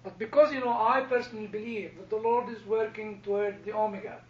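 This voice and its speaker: Non-native english guy talking slow and halting, repeats himself, dull lo-fi sound. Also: high-pitched, steady tone. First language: not English. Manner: halting, repeats words when starting. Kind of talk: casual group discussion. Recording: echoey room, dull lo-fi sound.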